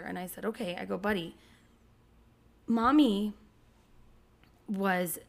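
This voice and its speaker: Mom animatedly telling a family story. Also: female voice, mid-range voice, a little slow, creaky, long pauses. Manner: animated storytelling, acting out her kids' lines. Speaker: podcast co-host and mother. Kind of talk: casual chat.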